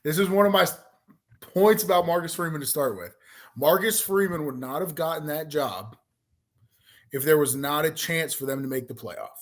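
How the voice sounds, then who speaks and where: Slightly high-voiced debating podcast host. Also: male voice, normal speed. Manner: argumentative, steering the debate. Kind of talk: sports podcast chat.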